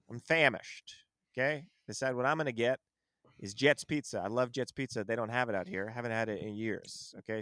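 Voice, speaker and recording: A man, a comedian podcast host, in casual chat, telling a story in an animated way and defending his side emphatically. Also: mid-range voice, dry recording, studio quality.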